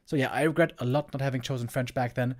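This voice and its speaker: A German man with English that leans American chats casually with stream viewers as an esports caster. He talks fast in a steady, mid-range voice, rambling and repeating words while he hunts for them.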